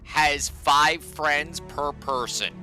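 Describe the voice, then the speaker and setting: A male streamer in the middle of a sarcastic, profane rant, drawing his words out slowly. His voice sits fairly high and comes across bright and forceful. Faint game music plays behind him. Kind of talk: ranting live game stream.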